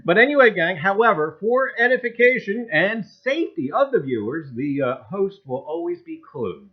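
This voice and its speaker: Lively high-voiced male livestream host. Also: moderate pace, highs cut off. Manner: exuberant, repeats greetings, swings between loud and mumbled. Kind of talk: casual livestream greetings.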